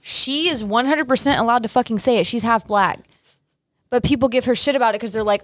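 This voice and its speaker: A woman's voice: fairly high pitch, a little fast, a bit bright, dry recording. Frank woman co-host from Georgia, dry close sound. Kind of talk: casual podcast chat.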